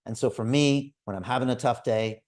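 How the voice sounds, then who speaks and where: A man in his fifties hosting a crypto investment club and giving a motivational sales pitch on a group video call. He talks in a direct, energetic way and keeps calling his listeners folks. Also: a little fast.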